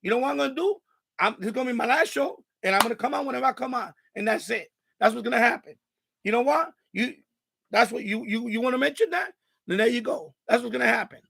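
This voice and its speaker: A man's voice: extremely high pitch, fast, creaky, a bit bright, slightly rough. A man hosting a live stream, ranting angrily and profanely at a viewer in the chat. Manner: angry, profane, repetitive rant.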